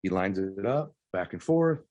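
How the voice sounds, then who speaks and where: A man in his forties giving a motivational speech to a live audience, telling a story with quick, energetic delivery and loud shouts at the high points. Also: no echo, muffled recording. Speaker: motivational keynote speaker. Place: event stage before a live audience.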